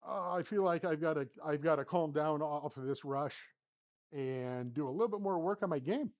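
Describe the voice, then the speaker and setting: A man's voice: a little high, normal speed, highs cut off. Man talking through his golf shots. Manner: talks to himself between shots, swings from flustered to upbeat. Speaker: sim golf channel host. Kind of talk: casual play-by-play commentary. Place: home golf simulator studio.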